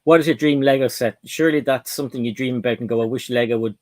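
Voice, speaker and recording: A man's voice: mid-range voice, fast, a little mellow. A man hosting a casual livestream chat, rambling on and reading out viewer comments. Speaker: host.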